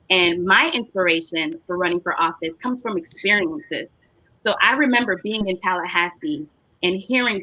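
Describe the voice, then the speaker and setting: A woman speaks as a candidate, building her lines with a rousing, preacher-like rhythm. Her voice is bright and forceful, recorded dry and close over a video call. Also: mid-range voice, dry recording, rough recording. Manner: passionate, preacher-like cadence. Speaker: political candidate. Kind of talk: impassioned personal speech on a panel.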